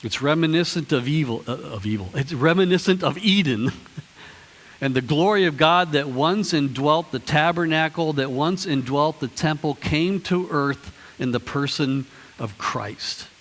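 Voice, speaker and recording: Male pastor, higher voice, easygoing preaching, reverb from a big church hall. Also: measured pace, fairly bright tone. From Ohio, US. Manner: conversational, chatty preaching with restarts and playful asides to the congregation. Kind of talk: sermon. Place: church sanctuary.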